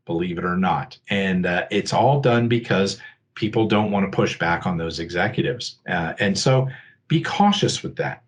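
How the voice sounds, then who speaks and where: A man presenting a security awareness talk in a conversational, explanatory way, often checking in with his listeners. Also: medium pitch. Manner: acts out scammer and victim lines in a livelier voice.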